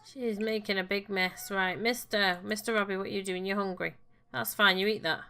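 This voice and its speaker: Bright-voiced woman narrating gameplay. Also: medium pitch, steady tone, a little fast, clean tone. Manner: coos and fusses gently at the game characters. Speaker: gaming channel host. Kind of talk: casual let's-play commentary.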